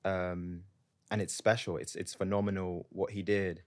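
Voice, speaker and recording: A man hosting a podcast interview, speaking in a gentle, measured way. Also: deep voice, flat delivery, dry recording. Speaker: podcast host.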